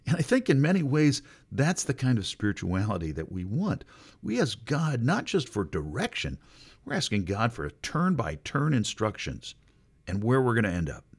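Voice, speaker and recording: A middle-aged male pastor preaching a sermon, expressive and wry, with sudden jumps in pitch for emphasis. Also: husky.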